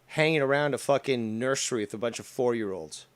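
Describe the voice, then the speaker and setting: A man hosting a stream, talking over clips with biting sarcasm. He swears freely and mocks what he plays. His voice sits at an ordinary male pitch. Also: brisk, smooth. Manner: sarcastic, profane. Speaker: stream host. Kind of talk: mocking commentary on clips.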